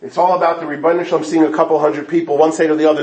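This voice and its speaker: Male preacher, a touch high, emotional sermon, echoey room. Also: little pitch movement, very fast. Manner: emotional, moving from hushed to impassioned. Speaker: speaker at an evening gathering. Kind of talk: sermon with storytelling. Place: synagogue hall.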